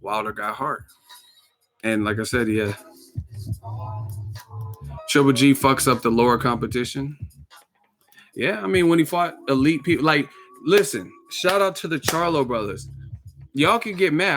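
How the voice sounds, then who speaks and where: A man's voice: medium pitch, normal speed, pauses often, a bit bright, soft background music. A man from the Bay Area hosting his own channel, giving a casual, joking, profane rant that is full of acted-out quotes. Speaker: boxing commentary channel host.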